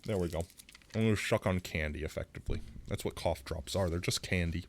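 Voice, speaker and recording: A man's voice: low voice, fairly quick, slight background noise. A man streaming live with a sore throat, rambling casually into a close mic while he plays. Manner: rambling, self-deprecating, reacts loudly.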